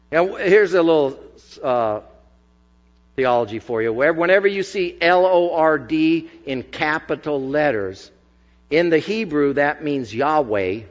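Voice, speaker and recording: Emphatic male preacher in a reverberant hall. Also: on the high side. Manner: conversational, emphatic preaching with asides. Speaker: pastor. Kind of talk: sermon. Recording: dull recording with long hall reverb.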